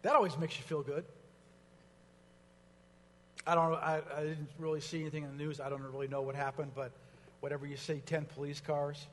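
A male pastor delivers a sermon in a high, bright-sounding voice, stacking repeated promises with growing fervor. Casual asides come between the declarations. His voice rings out with a long hall reverb. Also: little pitch movement, a little fast, long pauses, slight background noise. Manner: preaching with rising fervor, repetition.

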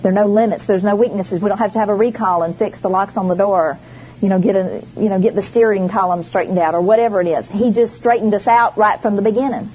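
A woman's voice: mid-range voice, fast talker, dark tone, rough recording. A woman preaching a sermon, emphatic and storytelling, voicing the people she quotes. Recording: faint background noise.

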